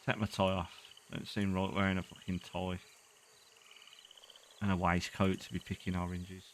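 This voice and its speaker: A man's voice: deep voice, little pitch movement, normal speed, slight background noise. A man streaming a roleplay game live, swearing freely and laughing often between lines.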